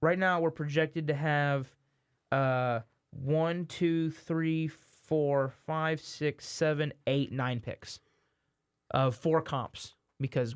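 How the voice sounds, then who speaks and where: A man's voice: medium pitch, dry recording, studio quality. A man, co-hosting a sports podcast in casual chat, rambling and correcting himself, sometimes exasperated.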